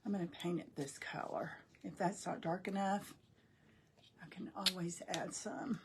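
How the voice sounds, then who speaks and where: A woman's voice: on the low side, steady tone, measured pace, noisy background. An older woman, chatting folksily with viewers on a crafting live stream as host. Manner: chatty, folksy, talks to viewers while working.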